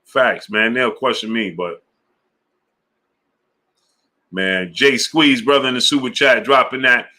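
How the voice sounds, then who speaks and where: Bright-voiced man hosting a live stream. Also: medium pitch, takes it slowly, pauses often. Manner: laid-back, slang-heavy, shouting out viewers. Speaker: sports channel host. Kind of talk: casual live-stream chat reading super chats.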